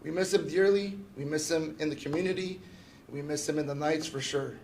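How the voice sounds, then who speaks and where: A man's voice: fairly high pitch, a little fast, vocal fry, slight background noise. Man sharing joking memories at a memorial. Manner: casual, joking anecdotes, warm tribute, often asking "right?". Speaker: fraternal organization member giving a memorial tribute. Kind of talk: personal memorial remarks. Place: memorial gathering at a funeral home.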